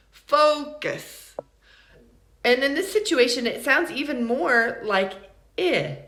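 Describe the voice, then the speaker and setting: A woman teaches pronunciation slowly and deliberately, saying each example word carefully and then again. Her voice sits a little high. The room around her gives an echoey ring. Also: bright, forceful tone. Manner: slow, deliberate, repeats model words for learners. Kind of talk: recorded online lesson.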